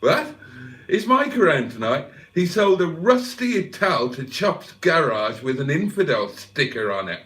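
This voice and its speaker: A man's voice: a little high, very animated, unhurried, fairly bright tone. Guy in his 50s doing a chatty livestream, voice bounces all over, swears a lot, takes the mick out of himself. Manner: chatty, self-mocking, swears freely. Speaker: livestream host. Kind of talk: casual livestream chat reading comments.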